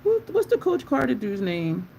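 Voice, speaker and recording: A woman's voice: a little high, wildly swooping pitch, normal speed, vocal fry, mellow, slight background noise, low-quality recording. A woman beauty vlogger in casual chat while doing her makeup, answering viewer comments and laughing often.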